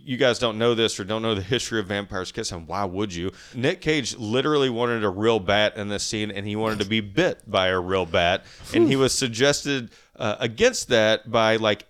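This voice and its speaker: Smooth-voiced man recapping a movie. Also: lowish voice, a bit bright. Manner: rambling, restarts sentences while recapping. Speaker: podcast host. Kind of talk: casual movie review chat.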